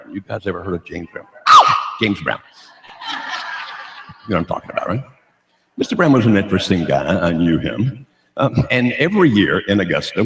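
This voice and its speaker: A man's voice: deep voice, a little hiss or hum. An older man giving a humorous sermon at a church, joking and asking the audience questions. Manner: jokey, asks the audience questions. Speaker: guest speaker at a church. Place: church auditorium. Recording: roomy church hall.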